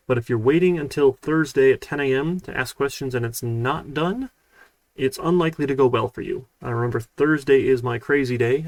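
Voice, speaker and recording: A man, a college programming instructor, giving a casual live-streamed lecture in a relaxed, rambling way with lots of fillers. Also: mid-range voice, dry recording.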